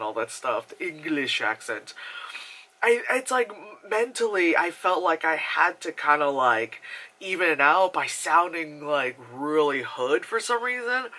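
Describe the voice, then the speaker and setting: An upbeat young man with an American accent from New Jersey narrates his vacation clips in a loose, chatty way, swearing freely and breaking into laughter. His voice has a very bright edge. It sits a little high for a man. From New Jersey, USA. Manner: casual, swears freely, laughs often, animated impressions. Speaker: vlogger. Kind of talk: voice-over commentary on travel footage.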